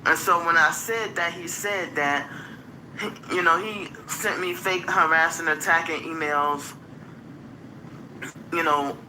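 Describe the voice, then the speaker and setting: A woman in a played stream clip rambling on about being harassed and manipulated, with many pauses and fillers. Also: fairly low pitch, pushed and bright, slight background noise, low-quality recording. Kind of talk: rambling monologue.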